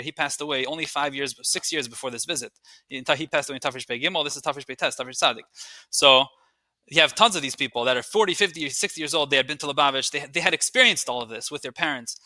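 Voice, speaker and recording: A man's voice: medium pitch, bright, forceful tone, dry recording. A man telling history as a podcast guest, eager and restarting often, mixing in Yiddish and Hebrew terms. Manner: eager, with frequent restarts and repeated words. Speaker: guest, researcher and writer. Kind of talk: storytelling history in conversation.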